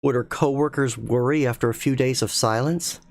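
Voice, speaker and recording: A man reading a spooky story aloud in a slow, measured, suspenseful way as a streamer. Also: mid-range voice, fairly even intonation.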